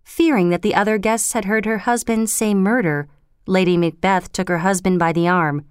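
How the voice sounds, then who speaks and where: A woman narrating a story in a clear, measured storytelling manner. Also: medium pitch, steady tone, dry recording, studio quality. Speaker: reader. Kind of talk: scripted narration.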